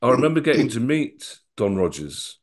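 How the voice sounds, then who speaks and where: A man's voice: medium pitch, big pitch swings, normal speed. A middle-aged man, a guest on an interview podcast, recalling old memories in a rambling way with many restarts. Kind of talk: casual storytelling interview.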